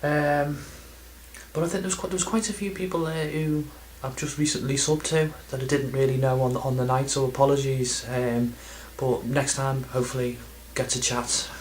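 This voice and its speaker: A man talks straight to camera in a loose, rambling vlog, stumbling over words and joking about his own memory. His voice sits at a middling pitch. A faint hum of room ambience sits behind him. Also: little pitch movement, normal speed, low-quality recording. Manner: rambling, self-deprecating, lots of ums and restarts. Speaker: video game collector vlogger. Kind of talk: casual chatty vlog.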